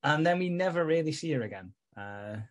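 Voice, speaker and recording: A man co-hosting a casual podcast, recapping a soap with swearing and quick voiced asides. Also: a little high, lively intonation. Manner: laughing, swearing, acting out characters in quick asides. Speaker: podcast co-host.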